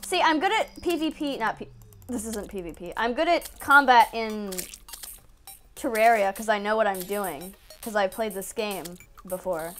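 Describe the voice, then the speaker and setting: A young woman giving excitable gameplay commentary into a desk mic, talking to herself with lots of exclamations. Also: mid-range voice, normal speed, slight background noise. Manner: excitable self-talk, frequent exclamations and laughs. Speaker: gaming channel host. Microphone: desk microphone.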